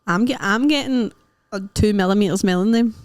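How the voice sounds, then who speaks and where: A woman's voice: mid-range voice, brisk, dry recording. A Scottish woman co-hosting a podcast, chatting playfully and insisting on her point. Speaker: podcast co-host. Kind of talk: casual chat.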